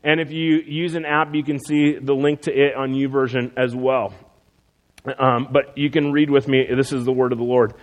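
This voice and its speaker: A man's voice: mid-range voice, level tone, moderate pace, long reverb tail, rough recording. A man preaching a sermon as pastor, talking conversationally with fillers and restarts.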